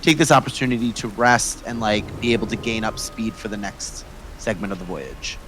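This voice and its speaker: A man playing a tabletop game, explaining his character's plan in a halting way. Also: lowish voice, fairly bright tone, slight background noise, low-quality recording. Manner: halting, with many restarts. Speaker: player. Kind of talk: casual chat at a game table.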